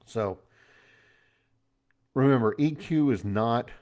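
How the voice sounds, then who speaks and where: A man's voice: medium pitch, takes it slowly, darkish tone. A middle-aged man giving a casual motivational talk as host, chatty and folksy, with pop-culture asides.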